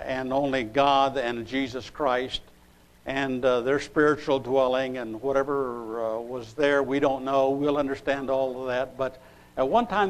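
A man preaching a sermon, reading scripture aloud and pausing as he looks up verses. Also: mid-range voice, rough recording. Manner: unhurried, pausing while looking up verses.

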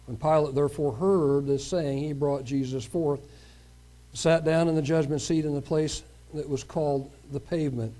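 Guy preaching, reads the bible passage then comments on it, mellow slightly high voice. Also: fairly even intonation, normal speed. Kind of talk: sermon reading scripture with commentary.

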